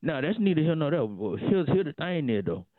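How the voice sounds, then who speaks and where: A man's voice: fairly high pitch, big pitch swings, a little fast, no room sound. A man calling in, spinning a long, rambling excuse in slang. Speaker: caller. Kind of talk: comedic phone call. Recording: tinny phone line.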